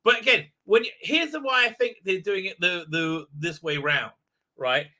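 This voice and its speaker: A man with a bright, sharp, fairly high voice talks into a desk microphone, recapping a show for a live stream. He is heated and indignant, and he trips over himself with restarts as he goes. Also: moderate pace. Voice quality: frequent filler sounds and restarts, heated, indignant. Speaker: show host.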